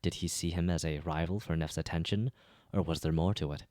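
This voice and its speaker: A man narrating a web novel as an audiobook reader, measured and even. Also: low-pitched, no echo, studio quality.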